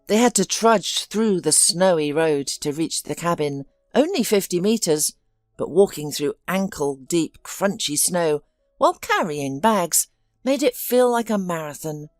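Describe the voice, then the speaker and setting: A woman narrating a drama story in a measured, scripted voice-over. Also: fairly low pitch, expressive, dry recording. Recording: dry studio voice-over with soft music.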